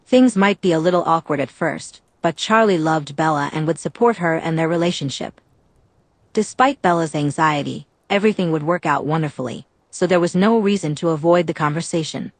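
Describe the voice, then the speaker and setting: A woman narrating a fan-fiction audiobook in a steady, even reading. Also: low-pitched, brisk, dry recording.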